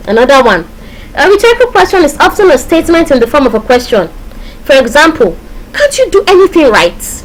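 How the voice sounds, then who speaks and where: A woman teaching a class. She explains step by step, keeps checking that her students follow along, and reads example phrases slowly. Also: on the high side, rough recording. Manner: explains with repeated check-ins and acted-out examples; slow, drawn-out reading of tongue twisters. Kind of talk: classroom lecture.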